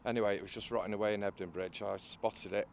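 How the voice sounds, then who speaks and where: Hesitant, low-voiced man storyteller. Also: fairly even intonation, fast talker, vocal fry, a little hiss or hum. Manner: hesitant storytelling, many uhs, laughs at own story. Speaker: boat restorer. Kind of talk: casual interview anecdote.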